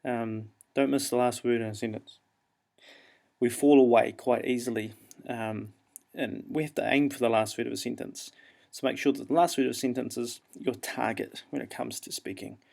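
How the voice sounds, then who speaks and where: A man with a New Zealand accent, an English teacher explaining how to perform an audio story in a relaxed, explanatory way. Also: medium pitch, moderate pace, vocal fry. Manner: relaxed, explanatory, frequent ums and uhs. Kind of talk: classroom instructional talk.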